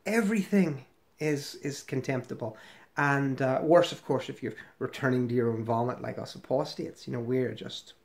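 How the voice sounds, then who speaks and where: A middle-aged ex-member offers casual, sarcastic commentary while scrolling through a website, rambling with fillers and restarts. His voice is medium-pitched with vocal fry, at normal speed.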